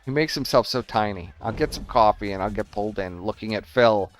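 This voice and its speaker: A man with a lowish voice tosses out crude, sarcastic comments in a loose chat. His tone stays dry and mocking. Faint music plays behind him. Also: brisk. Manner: sardonic, mocking asides.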